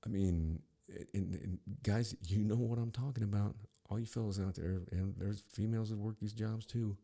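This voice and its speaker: A man's voice: fairly low pitch, steady tone, moderate pace, creaky, dark tone. A man hosting a podcast, telling a rambling, profane story with frequent restarts. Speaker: podcast host. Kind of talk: casual storytelling monologue.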